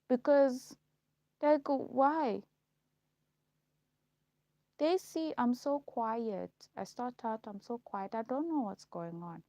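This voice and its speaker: Gravelly-voiced woman ranting. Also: medium pitch, darkish tone, no room sound, dull audio. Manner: rambling and repetitive, circling back on her words. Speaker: vlogger. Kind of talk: casual rant to camera.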